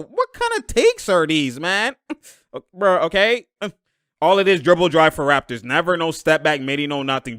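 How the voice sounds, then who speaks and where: Young guy yelling and laughing at basketball clips, slangy, smooth clear voice, kinda high, dry. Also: dry recording. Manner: excitable, laughs often, loud outbursts, slangy. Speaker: basketball reaction commentator. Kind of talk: live game reaction commentary.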